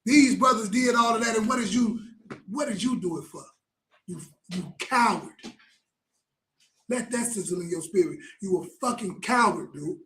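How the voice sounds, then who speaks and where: A man's voice: high voice, moderate pace, bright, forceful tone, echoey room, rough recording. A man preaching a fervent, blunt sermon with lots of repetition.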